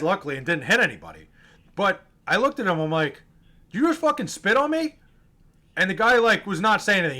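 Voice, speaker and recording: A man tells his stories to the camera in a high, bright voice. He is casual and animated, swears freely and mimics the people he ran into. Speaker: vlogger telling fan stories.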